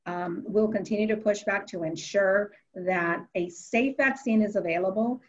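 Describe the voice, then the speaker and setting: Earnest woman official on a muffled call. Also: mid-range voice. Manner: earnest, halting, with frequent restarts. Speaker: elected official on a panel. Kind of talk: panel remarks over video call. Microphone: video call. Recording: dull lo-fi video call audio.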